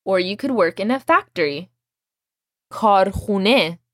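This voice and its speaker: A female language teacher guides her student through vocabulary. She explains patiently and clearly, and she models each word so he can repeat it. Her voice sits at a middle pitch, and the recording is dry and close. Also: expressive, moderate pace, dry recording. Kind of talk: language lesson.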